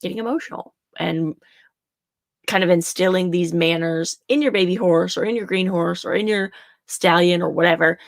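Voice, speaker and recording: A chatty young woman coaching riders, her voice sitting on the low side. She talks casually and circles back to repeat her key points for emphasis. The sound is close and dry, with no room around it. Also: no room sound. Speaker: horse riding coach. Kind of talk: casual teaching talk.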